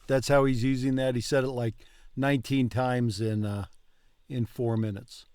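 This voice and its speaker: A man's voice: medium pitch, level tone, moderate pace, a little mellow, clean tone, no room sound. A man learning a language, talking hesitantly with many fillers and restarts during a lesson. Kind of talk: casual lesson talk.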